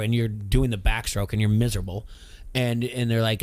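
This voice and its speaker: A man's voice: on the low side, fairly quick. A middle-aged man from Iowa hosting a radio sports talk show, telling long rambling stories and acting out the voices of people he quotes. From Iowa, USA. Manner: rambling, animated storyteller who acts out quoted voices.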